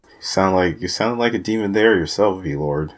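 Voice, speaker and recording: A man's voice: deep voice, moderate pace. A man co-hosting an anime podcast, talking in an easygoing, joking, hedging way. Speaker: podcast co-host. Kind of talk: casual chat.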